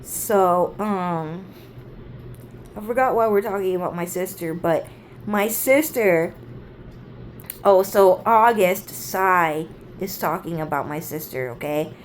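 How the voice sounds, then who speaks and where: A woman's voice: on the low side, takes it slowly, a little hiss or hum. A woman vlogger telling a story casually, rambling and swearing, with plenty of fillers and side remarks.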